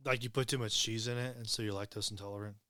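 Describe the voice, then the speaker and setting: A man in casual podcast chat, dropping quick, wry remarks. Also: lowish voice, fairly even intonation, bright, forceful tone, dry recording, clean studio sound.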